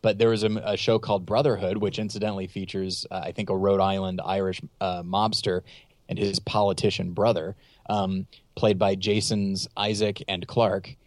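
Low-voiced man in casual film chat. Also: level tone, normal speed, a little mellow, no echo. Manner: rambling, self-correcting, jokey asides.

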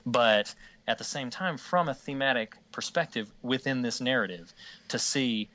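Bright-voiced earnest man, emotional. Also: mid-range voice, moderate pace. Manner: earnest, emotional, rambling with restarts. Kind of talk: casual discussion.

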